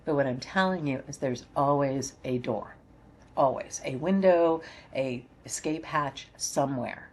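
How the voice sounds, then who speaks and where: Low-voiced woman giving gentle spiritual guidance. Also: measured pace. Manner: encouraging, coaxing, repeats phrases. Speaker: oracle card reader. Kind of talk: spiritual guidance talk to viewers.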